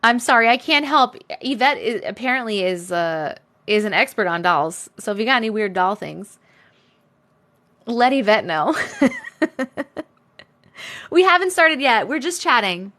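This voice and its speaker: Lively chatty woman hosting a live stream. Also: a little high, a little slow, pauses often. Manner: chatty, greets viewers by name, laughs often. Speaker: live stream host reading viewer comments. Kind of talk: casual live stream chat.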